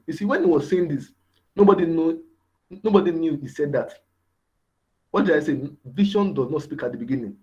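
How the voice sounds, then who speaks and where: A man's voice: mid-range voice, mellow. A man giving a motivational mentorship lecture, repeating key words and asking rhetorical questions. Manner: rhetorical questions, repetitive emphasis. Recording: dull lo-fi recording.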